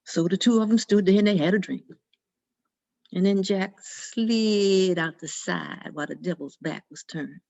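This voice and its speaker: A woman telling a folk tale in an expressive, dramatic storytelling manner. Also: mid-range voice, unhurried, vocal fry. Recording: dull lo-fi recording.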